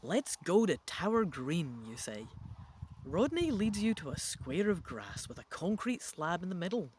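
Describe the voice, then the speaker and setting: A man's voice: high-pitched, very animated, unhurried, a little hiss or hum. Man musing through a gamebook. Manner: musing, thinking out loud. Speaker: gamebook reader. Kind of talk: reading a gamebook aloud with chatty asides.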